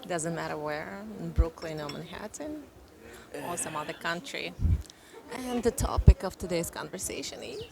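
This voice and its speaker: A woman's voice: lowish voice, expressive, vocal fry. A woman co-hosting a casual chat at a cafe, speaking in an easygoing way. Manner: slow, easygoing, drowsy opening. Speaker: vlog co-host. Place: outdoor cafe terrace. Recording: busy crowd chatter behind.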